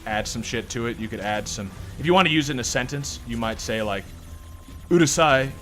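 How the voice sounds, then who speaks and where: A man's voice: mid-range voice, fast. A man streaming gameplay in casual live commentary, rambling, joking and cursing, his throat sore and strained. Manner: rambling, joking, profane, self-deprecating, laughs often.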